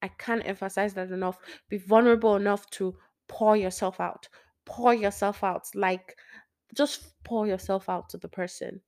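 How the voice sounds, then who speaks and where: A woman's voice: mid-range voice, steady tone, normal speed, darkish tone. A young woman talking casually to listeners about faith, rambling and correcting herself, sometimes dropping to a near-whisper. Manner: rambling, self-correcting, laughs often, drops to near-whisper. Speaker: Christian speaker.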